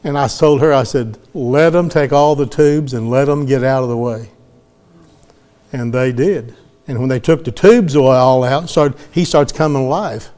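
A man's voice: medium pitch, measured pace, darkish tone. A middle-aged man, preaching a sermon as he tells a story in a folksy way and acts out the voices of the people in it. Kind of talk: sermon testimony.

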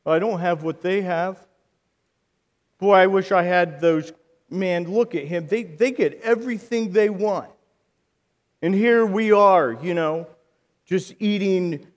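A man preaching a sermon in an animated way, acting out quoted voices and rising to loud bursts. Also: sits high, slow pace, long reverb tail.

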